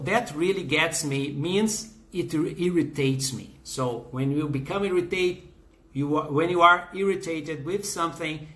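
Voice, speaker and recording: Bright-voiced Brazilian man teaching English. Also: sits high. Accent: Brazilian Portuguese. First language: Portuguese. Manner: greets viewers by name, reads out their comments, many fillers and restarts. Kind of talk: live online English class.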